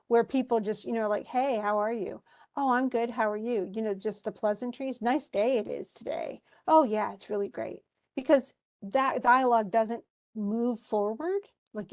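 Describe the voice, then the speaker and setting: A woman's voice: fairly high pitch, a little mellow. A woman teaching a live online class, talking through a play in a chatty way with lots of asides. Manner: chatty, explains with asides and restarts.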